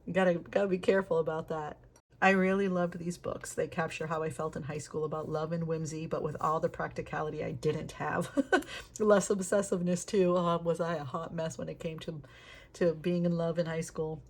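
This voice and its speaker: A middle-aged woman flips through her planner and chats candidly, laughing often and swearing casually. Her deep voice has a flat delivery and a fairly quick pace.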